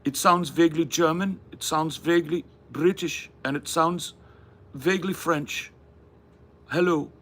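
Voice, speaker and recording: A man's voice: on the high side, measured pace, a bit bright, pitched above the performer's own voice. A man putting on a mock Dutch accent as a stereotyped, oddly formal Dutch man. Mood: goofy.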